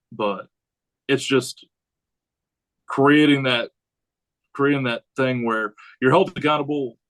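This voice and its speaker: A man who is a high school head football coach, talking casually on a podcast in a rambling way and acting out what he says to players. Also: low-quality recording. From United States. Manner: rambling, animated, acts out quotes of himself.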